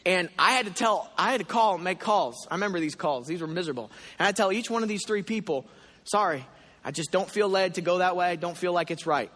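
A man preaching a sermon in a church, telling a story with animated asides and acted prayers. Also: high voice, brisk. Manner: animated storytelling, voicing his own prayers. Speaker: pastor. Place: church hall. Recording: long hall reverb.

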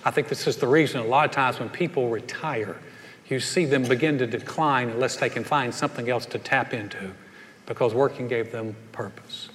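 A man preaching a sermon as a pastor, telling folksy stories and pushing his punchlines with animated energy. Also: medium pitch. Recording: long hall reverb.

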